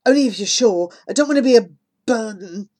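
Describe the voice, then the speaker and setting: A woman's voice: on the high side, expressive, a little fast, darkish tone. A woman reading the part of a stubborn, loyal young boy who insists fiercely on coming along, in an audiobook. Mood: sulky.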